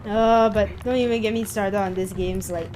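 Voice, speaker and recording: A woman's voice: medium pitch, fairly even intonation, normal speed, darkish tone, soft background music. A young woman streaming a video game, venting her frustration in casual chat with her viewers. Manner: exasperated, venting, chatty with viewers. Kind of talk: casual live-stream commentary.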